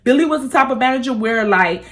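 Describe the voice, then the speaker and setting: A woman in her twenties telling a storytime vlog, animated and full of profanity as she gossips. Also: high-pitched, quick pace, a little hiss or hum. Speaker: beauty vlogger.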